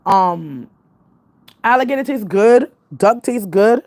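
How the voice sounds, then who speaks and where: A woman's voice: mid-range voice, normal speed, gravelly, pauses often. A young woman with a New York accent, chatting casually and rambling on a livestream, laughing often. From Jamaican family. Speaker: vlogger.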